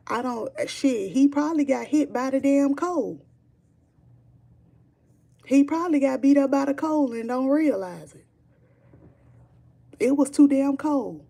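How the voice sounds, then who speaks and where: Woman, gravelly fry, casual livestream chat, emphatic, repeats herself, swears. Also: high-pitched, expressive, takes it slowly, pauses often, warm tone. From Chicago, Illinois. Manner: emphatic, repetitive, swearing freely. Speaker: streamer chatting with viewers.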